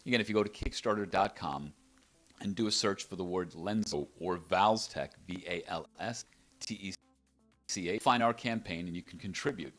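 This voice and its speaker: Low voiced guy going on about his gadget, eager, lots of restarts, in an apartment. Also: moderate pace, fairly bright tone, faint music behind. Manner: enthusiastic, rambling with restarts. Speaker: inventor being interviewed. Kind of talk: casual product interview.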